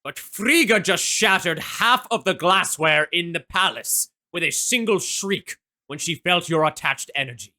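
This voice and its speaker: A man voicing a booming, stern male god who scolds children and complains about calming his wife. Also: measured pace, hardly any pauses, exaggerated voice. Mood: stern warning. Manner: commanding, reverberating.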